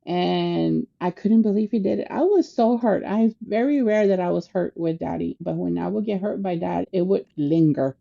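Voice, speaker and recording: A woman casually telling family stories on a podcast, animated and acting out the people she quotes, with Spanish words mixed in. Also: lowish voice, normal speed, gravelly, few pauses, dull audio. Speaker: podcast co-host sharing family memories. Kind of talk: casual storytelling.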